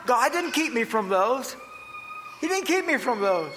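A male pastor from Pennsylvania preaching a sermon, telling folksy stories, booming on emphasis and dropping to quiet asides. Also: moderate pace, long reverb tail, slight background noise, low-quality recording.

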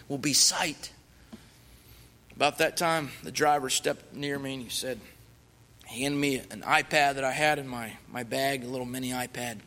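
A man's voice: mid-range voice, moderate pace, bright, forceful tone. Earnest male missionary in a reverberant hall. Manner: earnest, rising fervently when reciting scripture. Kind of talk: personal testimony storytelling.

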